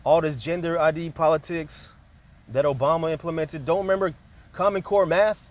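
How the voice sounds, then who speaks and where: A man's voice: a little high, steady tone, normal speed. Rambling man in a casual monologue. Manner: rambling, jumps from point to point; loose and conversational, peppered with "man" and "like".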